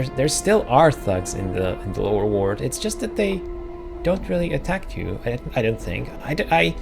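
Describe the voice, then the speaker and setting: A man's voice: medium pitch, gravelly. A man hosting a let's play, musing and hesitant as he thinks aloud through casual gameplay commentary.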